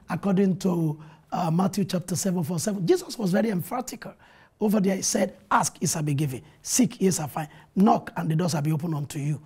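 A man in a TV studio interview shares his experiences as a pastor. His voice is dark and mellow with a strongly husky, raspy grain. He preaches earnestly, quoting scripture and retelling events with animation. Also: sits high. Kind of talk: testimony in a TV interview.

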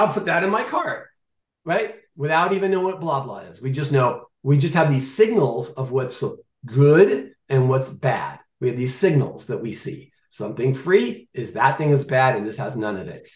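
A man's voice: mid-range voice, lively intonation, moderate pace, hardly any pauses, echoey room. A man in his fifties talking casually and animatedly about food, acting out shoppers' thoughts in mock voices. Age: 50s. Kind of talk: casual chat.

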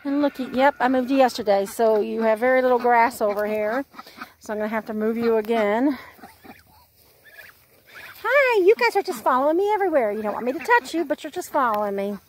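A woman's voice: on the high side, brisk, a little hiss or hum. A woman giving a casual walk-and-talk tour of her homestead, chatting to her animals. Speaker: homesteading vlogger. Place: outdoors on a homestead with poultry.

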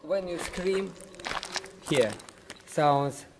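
A male tour guide drops short, teasing remarks from some distance away. Loud noise fills the recording around his voice, and he sits slightly higher than an average man. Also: extremely slow.

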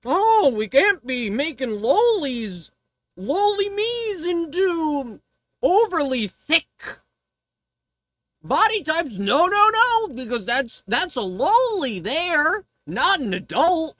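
Woman, livestreamer, casual profane ranting, very animated pitch, dry recording. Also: slow, dry recording.

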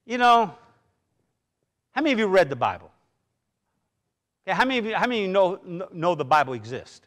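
A man's voice: sits high, sing-song, brisk, fairly bright tone. A middle-aged man preaching a sermon in a church, talking conversationally with personal stories and frequent restarts. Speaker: pastor. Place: church sanctuary.

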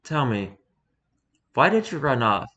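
A man voicing a calm male doctor who questions his subject in a quiet, measured way. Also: mid-range voice, voice pushed down. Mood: soothing. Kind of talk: reading an interview aloud in character.

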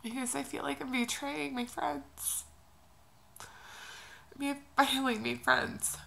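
A young woman from Oklahoma, crying as she talks through an emotional personal update in a halting, confessional way. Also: sits high, level tone, creaky, fairly bright tone, slight background noise, poor audio. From Oklahoma, USA. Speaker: vlogger.

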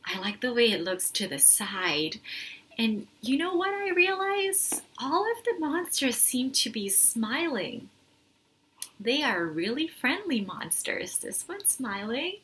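Slow, gentle, high-voiced woman. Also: big pitch swings, slight background noise. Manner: gentle, encouraging, speaks directly to children; sings along with guitar. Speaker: music therapist. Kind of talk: children's music therapy lesson.

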